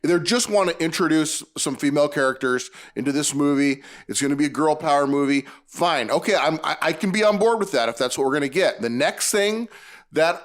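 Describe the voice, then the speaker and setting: A man with a slightly high voice co-hosts a casual movie review chat. He rambles and restarts his sentences as he works out his thoughts aloud. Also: a little fast.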